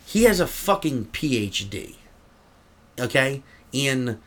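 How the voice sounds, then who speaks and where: A man's voice: medium pitch, takes it slowly. A man, a comedian, chatting casually as an interview guest, rambling and swearing freely. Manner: profane, rambling, animated. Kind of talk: casual chat.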